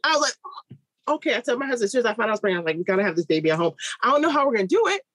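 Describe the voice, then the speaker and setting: A woman in her thirties tells a long personal story in an interview, slipping into other people's voices as she goes. Her voice is slightly husky, and the sound is close and dry with no room around it. She speaks as a midwife. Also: a little high, racing, no echo, rough recording. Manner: lively, animated storytelling with quoted voices.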